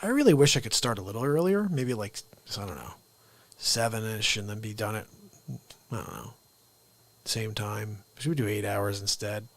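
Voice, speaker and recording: A man's voice: on the low side, normal speed, no room sound. Rambling male livestream host. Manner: rambling, jokey, earnest asides. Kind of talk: unscripted live comedy monologue.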